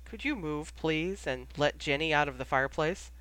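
An audiobook reader voicing a calm, gentle grown man who speaks kindly. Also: mid-range voice, normal speed, clean tone, dry recording, natural voice, low-quality recording. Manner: gentle, kind. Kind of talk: audiobook character voice.

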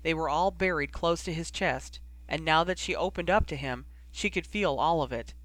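A man reading fan fiction aloud in a steady, even narration. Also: a little high, moderate pace, no room sound. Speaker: audiobook reader.

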